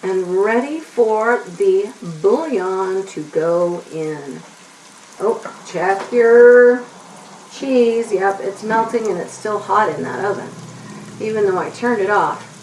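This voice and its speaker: A woman hosts a kids' cooking show in a home kitchen, chatting to herself as she stirs through a casual demonstration. Her mid-range voice is slow and a little mellow. The mic sits back in the roomy kitchen, catching slight background noise and onions sizzling in a pan.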